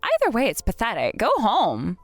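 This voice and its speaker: A woman's voice: on the high side, huge pitch swings, moderate pace, no room sound, soft background music, full character voice. A woman voicing a snobbish, spoiled young bride in a text-message drama, with a sneering, condescending manner.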